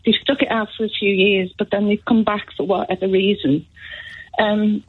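Female caller, husky voice, tinny phone line, conversational. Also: medium pitch, flat delivery, moderate pace. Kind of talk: phone-in call.

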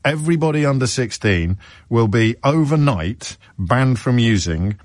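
A man hosting a talk radio phone-in in a studio, talking briskly and cutting in on callers. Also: mid-range voice, lively intonation, no room sound. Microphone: studio microphone.

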